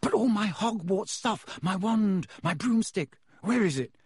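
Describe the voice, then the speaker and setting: A man's voice: sits high, expressive, measured pace, a little mellow, husky, dry recording, voice pushed up, exaggerated voice. A man reading aloud and voicing an anxious teenage boy wizard, urgent and pleading, in a raised voice.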